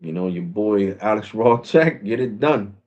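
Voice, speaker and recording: A man's voice: on the low side, lively intonation, measured pace, darkish tone, muffled recording. A man talking casually to his viewers about home internet from his house, in a loose, slangy, repetitive way. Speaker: tech vlogger. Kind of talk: casual talk to camera.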